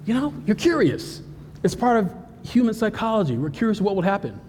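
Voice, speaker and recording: A man giving an animated, joking cybersecurity presentation at a live conference, talking straight to the audience. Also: high voice, a little fast, breathy edge. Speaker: cybersecurity speaker. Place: conference hall. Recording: hall reverb with faint ambience.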